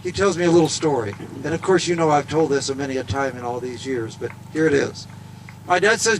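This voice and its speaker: A man's voice: medium pitch, quick pace, slight background noise. A man giving a humorous, folksy storytelling speech outdoors at a golf event. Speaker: golfer and speaker.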